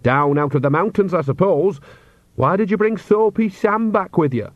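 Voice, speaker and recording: A man reads as a sharp-tongued, merry old witch woman, pitched well above his own voice and pushed louder. She is blunt and teasing. The storybook reading sounds dry and a little dull. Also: animated, normal speed, no room sound.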